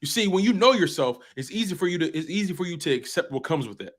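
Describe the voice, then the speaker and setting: A man's voice: on the high side, lively intonation, fast talker. A man hosting a fan sports talk show, speaking passionately and emphatically and repeating phrases for effect. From US East Coast.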